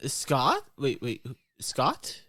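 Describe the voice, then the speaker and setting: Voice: medium pitch, huge pitch swings, drawn-out words, bright, forceful tone, dry recording, studio quality, exaggerated voice. A game master voicing Melanie, an insecure young female bake-off contestant who pleads and frets. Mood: anxious, eager.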